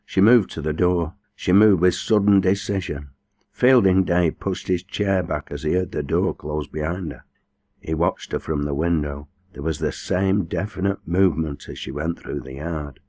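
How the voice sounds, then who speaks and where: A man narrating a novel in measured, even storytelling. His voice is deep and low. The recording is close and dry, with no room sound. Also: no echo. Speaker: audiobook narrator. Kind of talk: scripted narration.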